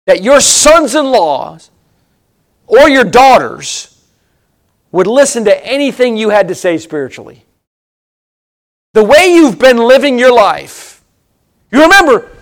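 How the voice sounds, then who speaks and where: A man delivers a sermon in a high voice. He hammers points by repeating them, rising to loud emphasis and then dropping low and quiet. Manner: emphatic, repeats phrases, swings between loud and hushed. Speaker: preacher.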